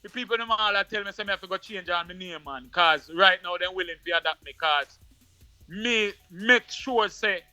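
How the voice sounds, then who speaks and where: High-pitched Jamaican man telling his story. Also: moderate pace, clear, resonant tone, dry recording, soft background music. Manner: animated, repeats words often. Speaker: interview guest. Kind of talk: telling a personal story in patois.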